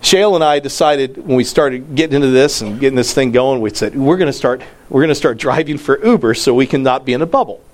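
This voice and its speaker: A male pastor preaching a casual, story-driven sermon, acting out the people he quotes, his voice leaping up and then dropping low. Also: fast, few pauses. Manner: animated storytelling, voice jumping high and dropping low.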